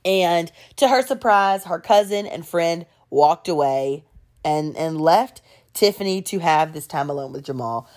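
A woman telling a gossipy story in casual storytime style, animated and laughing along. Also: on the low side, unhurried.

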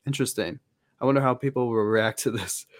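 A man co-hosting a podcast speaks fast at medium pitch, recorded with clean studio sound and no room noise. The talk is casual fan chat, rambling and packed with fillers and restarts.

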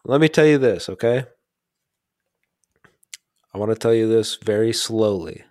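Guy rambling slow on a podcast, lowish voice, dry close sound. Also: lively intonation, darkish tone, no room sound. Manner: slow, rambling, self-deprecating. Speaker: podcast co-host. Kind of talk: casual podcast chat.

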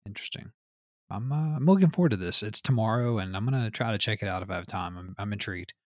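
Low-voiced man, profane podcast host. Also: fast, no echo, studio quality. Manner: reads news items then riffs loosely, swears often. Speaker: podcast co-host reading news. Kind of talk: casual profane podcast chat.

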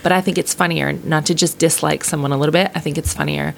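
A woman's voice: low-pitched, fairly even intonation, fast, creaky, slight background noise. A woman comedian in a casual podcast chat, opinionated, often laughing and acting out other people's lines. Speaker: comedian guest.

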